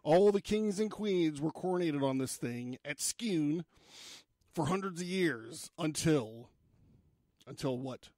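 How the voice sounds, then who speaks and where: A man's voice: on the high side, lively intonation, slow, darkish tone, dry recording, studio quality. A man hosting a podcast, retelling a legend in a casual, jokey way and swearing often. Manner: casual and profane, with jokey asides. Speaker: podcast host.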